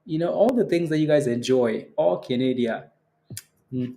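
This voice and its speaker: A man's voice: mid-range voice, moderate pace, gravelly, dark tone. A man hosting a casual stock trading livestream, joking around with his viewers and laughing often.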